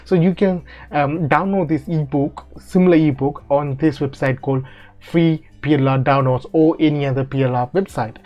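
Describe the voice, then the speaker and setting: Guy walking thru a tutorial, stop-start with lots of ums, a bit high voice, dull lo-fi sound. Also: steady tone, warm tone. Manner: halting, many fillers and restarts, non-native phrasing. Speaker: online money-making tutorial host. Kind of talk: casual screen-recorded tutorial. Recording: dull lo-fi audio with faint music.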